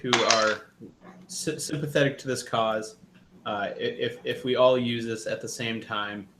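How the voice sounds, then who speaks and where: A man doing a halting rebel mage leader. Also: mid-range voice, steady tone, very noisy, lightly acted. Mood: earnest. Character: earnest male rebel magic-user leader.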